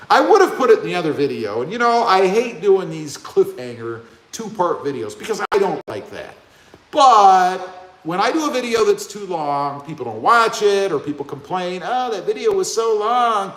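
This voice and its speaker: A man from Ohio hosting a casual live stream, reading viewer comments aloud and joking back at them. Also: high voice. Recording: echoey room.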